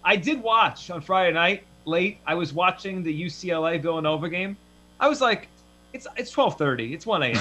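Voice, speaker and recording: A man hosting a sports podcast, chatting casually in an animated, rambling way with many restarts. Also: fairly high pitch. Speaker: podcast host.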